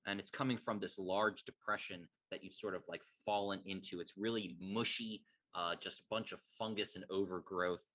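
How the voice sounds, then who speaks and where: A man's voice: sits low, steady tone, moderate pace, few pauses, a bit bright. A man running a tabletop game as game master, describing scenes with many fillers.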